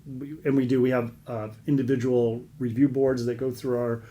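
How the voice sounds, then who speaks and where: A man's voice: mid-range voice, little pitch movement, moderate pace, dark tone, highs cut off. Earnest middle-aged man telling stories. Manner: earnest, rambling, repeats words. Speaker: veteran charity leader. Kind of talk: casual interview storytelling.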